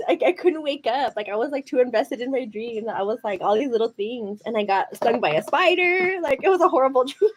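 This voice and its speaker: A woman's voice: high voice, animated, fairly quick, few pauses, poor audio. A young woman hosting a casual makeup livestream from home, chatting to viewers and calling them girl. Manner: chatty, calls viewers girl, frequent likes. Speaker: beauty livestream host. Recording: soft music under voice.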